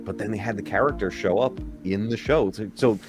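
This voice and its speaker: A man's voice: lowish voice, fairly quick. A man hosting a live stream and chatting casually. He rambles with nostalgia and often chuckles. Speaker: stream host. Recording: music playing under the voice.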